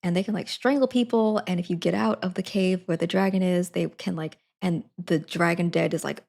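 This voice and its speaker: A woman's voice: fairly low pitch, fairly even intonation, a little fast, gravelly, a little mellow. A woman chatting casually to her live stream audience, giggling between sentences. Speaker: Twitch streamer.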